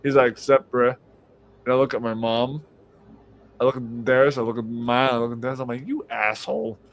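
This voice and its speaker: Profane, animated male storyteller. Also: mid-range voice, fast, a little hiss or hum. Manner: animated, profane, acts out quoted voices. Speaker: podcast host. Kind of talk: casual storytelling on a live stream.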